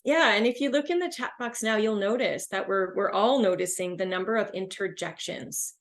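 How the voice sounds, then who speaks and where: Woman running a webinar lesson, upbeat and emphatic, mid pitch. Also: normal speed. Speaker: webinar instructor. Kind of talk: online lesson.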